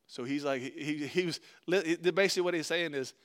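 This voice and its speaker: A man's voice: a little high, brisk, hardly any pauses, clean tone. A male preacher giving a sermon, reading scripture aloud and then explaining it in an earnest, conversational way.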